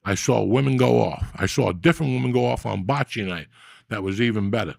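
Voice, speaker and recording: A man hosting a podcast, telling a long profane story in a loud, animated street manner. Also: lowish voice, brisk, gravelly, no room sound, clean studio sound. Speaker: podcast host. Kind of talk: casual storytelling.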